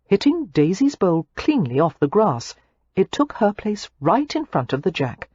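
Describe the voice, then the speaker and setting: A woman narrating a romance audiobook in an expressive, scripted reading. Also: mid-range voice, measured pace, husky, no room sound, lo-fi sound.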